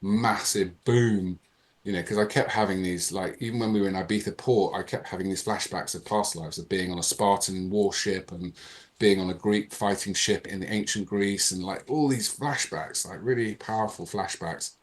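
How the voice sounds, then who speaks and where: A man, a podcast guest, telling a personal story in a lively, animated way. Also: deep voice, moderate pace. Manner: animated, reenacts dialogue in changing voices. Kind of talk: casual storytelling.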